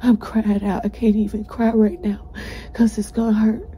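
A woman's voice: mid-range voice, little pitch movement, normal speed, dark tone, a little hiss or hum, rough recording. A woman tells viewers about her time in jail, urgent and pleading, out of breath and close to tears, her voice breaking as she talks. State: breathless, cried out. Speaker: person recounting a jail ordeal. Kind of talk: emotional first-person testimony to viewers.

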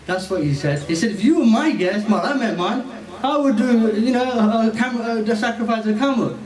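A man's voice: sits high, moderate pace. A man giving a playful storytelling sermon in a mosque, teasing the audience and mixing in Urdu and Arabic words. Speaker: preacher. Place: mosque hall. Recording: echoey hall from far off.

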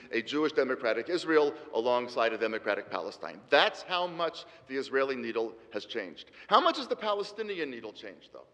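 A man's voice: a little high, a bit bright, muffled recording. A middle-aged man giving an emphatic debate speech with rhetorical repetition, speaking in a large hall. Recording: hall reverb.

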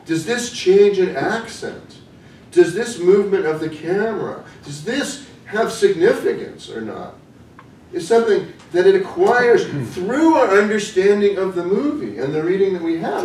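A man giving an academic lecture, thoughtful and hesitant, often pausing with "um" as he works through his ideas. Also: sits high, darkish tone. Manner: thoughtful, hesitant with frequent ums. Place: lecture room. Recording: echoey room from a distance with faint noise.

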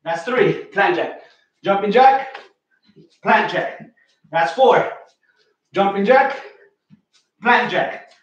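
A high-voiced man leads a home workout, counting each rep and calling out form cues, short of breath between sets. He speaks from a distance from the mic, in a room with a strong echo. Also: extremely slow, pauses often, muffled recording. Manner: counting reps aloud, coaching cues, energetic whoops. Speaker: fitness coach.

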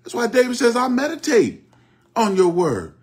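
A man's voice: extremely high pitch, huge pitch swings, moderate pace. A middle-aged man preaching a Bible study, repeating phrases and dropping frequent amens. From Oklahoma, US. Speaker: bishop teaching Bible study.

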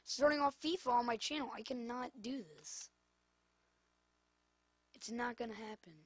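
A woman gamer commentates her own football video game at normal speed in a fairly high voice, with no room sound. She's exasperated, scolding the players on screen.

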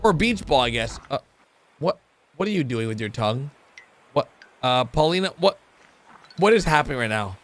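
A man hosting a reaction video, commenting excitedly on a cartoon and swinging between hushed asides and shouts. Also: mid-range voice, moderate pace, pauses often, faint music behind.

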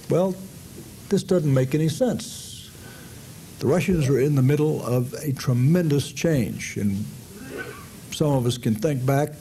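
Male lecturer, warm and unhurried, explaining policy at a podium; faint room noise. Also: mid-range voice, poor audio. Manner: measured, explanatory, with frequent uh fillers. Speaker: foreign policy speaker. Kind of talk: public lecture.

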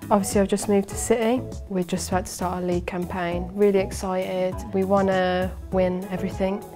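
A young woman from England with an English accent, a footballer chatting casually, bubbly and animated as she tells stories. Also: mid-range voice, brisk. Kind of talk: casual chat. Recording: music bed underneath.

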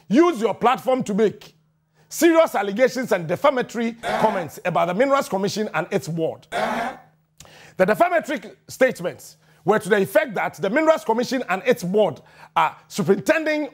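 A middle-aged Ghanaian-accented man hosts a radio morning show, delivering a fiery, mocking rant in the studio and frequently shouting. His voice is high-pitched.

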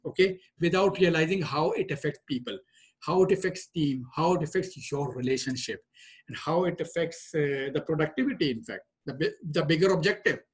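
A man's voice: fairly high pitch, brisk, breathy edge. A man teaching a lesson on emotional drives in a conversational way, with many fillers and restarts. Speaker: trainer. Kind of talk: lecture on group dynamics.

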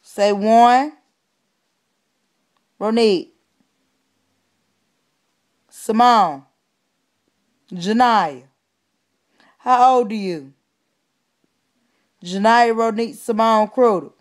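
A woman's voice: on the high side, drawn-out words, long pauses. A woman filming her baby at home, coaxing her in sing-song baby talk.

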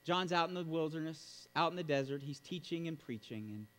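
A male pastor delivering a sermon in a fairly high, very lively voice that leaps up into loud bursts of emphasis. His words ring with a long reverb from a large church sanctuary. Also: brisk. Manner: emphatic, animated preaching with sudden loud bursts.

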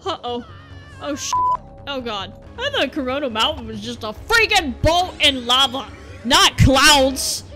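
A young woman commentating a platform game as a let's play host, exasperated and breaking into shouty outbursts, over game music. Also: sits high, very animated, a little slow. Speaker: gaming channel host.

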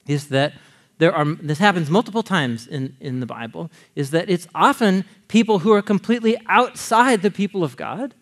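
Man, Bible teacher, animated sermon, high voice, very lively pitch, jokey, talks straight to listeners. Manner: lively, jokey, chuckles often, addresses listeners directly.

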